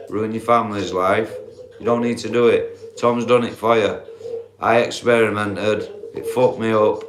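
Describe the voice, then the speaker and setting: A middle-aged man with a thick Yorkshire accent talks bluntly and earnestly, peppering his speech with swearing and slang. His voice sits fairly low, and the sound bounces around an echoey room. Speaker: livestreamer. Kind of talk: casual live chat reading viewer comments. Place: dark bedroom, lying down.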